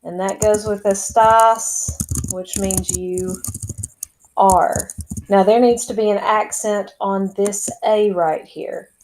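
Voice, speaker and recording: A woman's voice: mid-range voice, steady tone, slow, a little mellow, slight background noise, rough recording. A woman teaching a recorded lesson to her students, explaining step by step in a chatty way as she types. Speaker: Spanish teacher. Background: keyboard typing and clicks.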